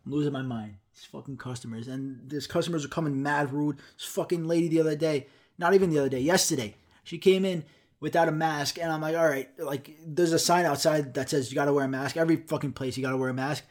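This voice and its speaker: A young man with a slightly high voice rants into a microphone on his solo podcast. He talks in a profane, exasperated way, swearing constantly and jumping into quoted back-and-forths. He plays both himself and the people who annoy him. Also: fairly even intonation, fast talker, a little mellow. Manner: acts out customers and himself in quoted dialogue. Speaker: podcast host. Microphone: studio microphone.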